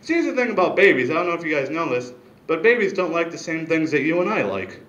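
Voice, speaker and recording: A man doing a stand-up comedy set, rambling with deadpan asides into a handheld mic on a small club stage. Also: on the high side, fast talker, roomy sound, dull audio.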